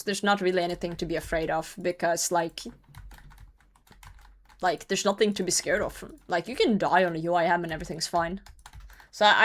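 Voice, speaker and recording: A woman's voice: fairly low pitch, a bit bright. Chatty laughing woman streaming a game. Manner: chatty, laughs often, swears casually. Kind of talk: casual livestream chat while gaming.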